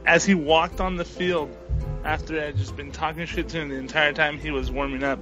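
A man telling a story in a loose, rowdy, animated way in a casual chat. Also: fairly high pitch, a little fast, soft background music.

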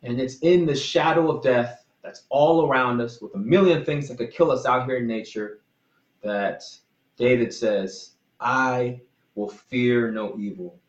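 A man's voice: medium pitch, moderate pace, reverberant, lo-fi sound. A man giving an informal, earnest sermon, rambling with restarts and apologies as he talks about faith and protection. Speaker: pastor.

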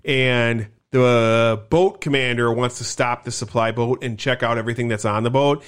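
A man's voice: medium pitch, fairly even intonation, normal speed, clear, resonant tone. A man recapping a film in loose, profane, rambling casual talk.

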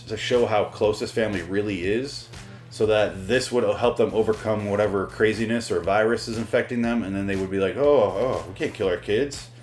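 Rambling low-voiced man reviewing a movie. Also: darkish tone. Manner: rambling, profane, joking. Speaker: podcast host.

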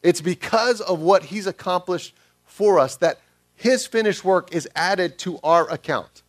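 A man's voice: sits high, unhurried. A male pastor giving a sermon in a conversational way, asking the congregation questions.

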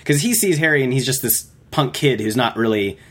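A man's voice: medium pitch, animated, brisk. A man co-hosting a casual book discussion, rambling and checking in with "right?", acting out bits of dialogue. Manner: rambling, acts out quotes, frequent "right?". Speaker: podcast co-host.

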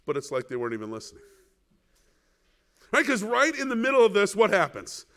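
This male pastor's voice sits high and runs a little fast as he preaches. He's animated, asking the congregation rhetorical questions and playing out the biblical figures in the story.

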